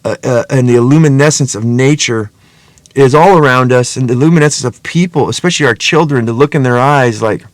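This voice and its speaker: A man's voice: mid-range voice, a little fast, no echo. A middle-aged man hosting a podcast, talking in a casual, rambling, earnest monologue full of swearing. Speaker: podcast host.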